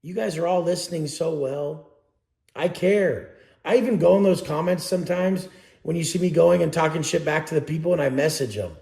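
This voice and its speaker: A man's voice: fairly high pitch, moderate pace, creaky, a little mellow, reverberant. A man giving a blunt, profane motivational talk as a coach, preaching to his audience.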